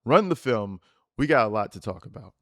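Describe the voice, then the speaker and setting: A man ranting in a profane, mocking, animated style while giving reaction commentary on a video. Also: medium pitch, brisk, noisy background. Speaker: commentary YouTuber.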